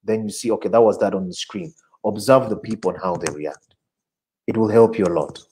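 Animated male ad creative in conversation. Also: fairly low pitch, a little fast, a little hiss or hum, poor audio. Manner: animated, repeats words while searching for them. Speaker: advertising creative director, guest. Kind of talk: casual online interview, answering audience questions.

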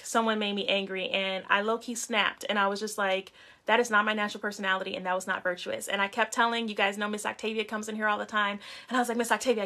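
A woman's voice: medium pitch, bright, forceful tone. A young adult woman hosting a faith talk show in a casual teaching style, speaking straight to her viewers and greeting them by name.

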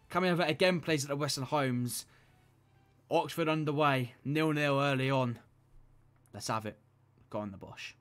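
A young man commentating his own football video game match, excitable and shouting at the referee. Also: fairly high pitch. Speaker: gaming YouTuber.

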